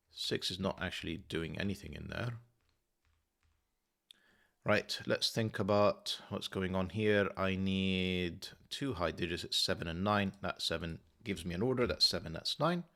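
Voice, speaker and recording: A man's voice: low-pitched, vocal fry, sharp tone. A man hosting his own channel, thinking aloud as he works methodically through a sudoku and correcting himself as he goes. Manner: muttering, methodical, self-correcting. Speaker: sudoku solver and channel host. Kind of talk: thinking aloud while solving a puzzle.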